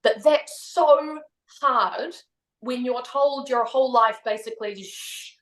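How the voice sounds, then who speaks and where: A woman's voice: on the high side, slow, fairly bright tone. Reflective New Zealand woman, roomy sound. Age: 30s. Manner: candid and reflective, laughs often. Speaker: podcast guest. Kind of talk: casual chat. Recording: roomy echo.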